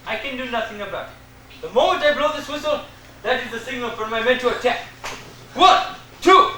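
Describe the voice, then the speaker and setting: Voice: medium pitch, animated, fairly quick, sharp tone, slight background noise. A young actor playing a blustering, mustached male desert sheikh in a school stage play, bellowing in comic outrage. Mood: threatening. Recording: echoey stage from far off.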